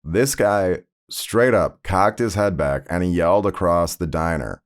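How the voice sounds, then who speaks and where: A man's voice: low voice, measured pace, clear, resonant tone. A man hosting a podcast, telling personal stories in a conversational, rambling way with lots of fillers. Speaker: podcast host.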